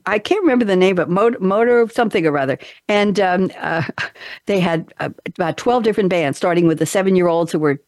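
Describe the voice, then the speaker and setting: A woman's voice: on the low side, a little fast, darkish tone, no echo, clean studio sound. A woman radio talk show host telling stories in a casual chat, acting out quoted voices with animation.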